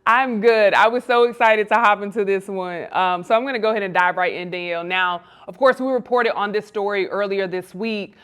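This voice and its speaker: A woman hosting an entertainment news show, reading the story and then greeting her guest with excitement. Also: medium pitch, fairly quick, hardly any pauses, clean tone. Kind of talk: scripted news read then interview.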